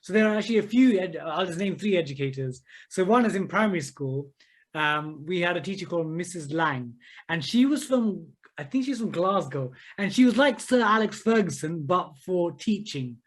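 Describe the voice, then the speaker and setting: An enthusiastic man in his thirties, a maths teacher telling animated stories as an interview guest. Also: high-pitched, moderate pace. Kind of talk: interview conversation.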